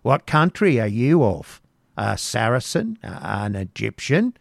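A man's voice: medium pitch, very animated, slow, gravelly, no echo, clean studio sound, heavily acted. A man voicing a spiteful, bitter old woman who mutters with scorn in a storybook reading. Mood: scornful.

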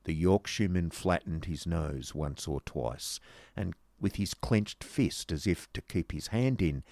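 A man narrating a classic novel as an audiobook, in an expressive storytelling manner. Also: low-pitched, dry recording, studio quality.

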